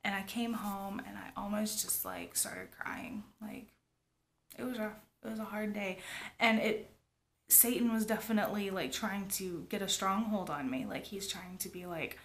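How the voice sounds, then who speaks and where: A woman's voice: mid-range voice, moderate pace, a little hiss or hum. A woman, talking to her viewers in a rambling, confiding way, often dropping to a whisper. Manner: rambling, confiding, lots of "like" and "you guys", often drops to a whisper. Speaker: family vlogger. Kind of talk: confessional vlog talk.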